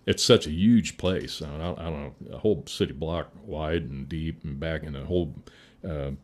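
A man's voice: extremely low pitch, moderate pace, darkish tone. A man, a fire chief from the Midwest, telling a war story in a folksy way, swearing and chuckling now and then. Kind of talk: casual storytelling.

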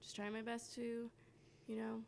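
A woman in casual chat, speaking quietly and hesitantly in halting phrases. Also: fairly high pitch, completely flat delivery, vocal fry, slight background noise.

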